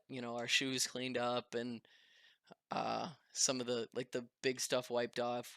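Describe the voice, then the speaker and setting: Male vlogger, casual storytime delivery, animated and chatty, bright clear tone. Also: medium pitch, dry recording, studio quality. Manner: animated, chatty, laughing often.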